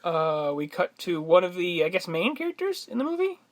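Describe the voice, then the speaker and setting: A co-host on a casual film podcast, stepping through the movie's scenes in order with relaxed fillers. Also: mid-range voice, brisk.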